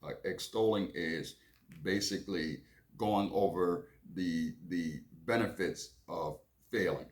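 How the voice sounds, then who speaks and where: A man's voice: low-pitched, takes it slowly. A man who hosts a reading lesson, reading aloud and stopping casually to define words, often repeating himself. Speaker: reading teacher and host. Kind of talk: reading aloud and explaining vocabulary.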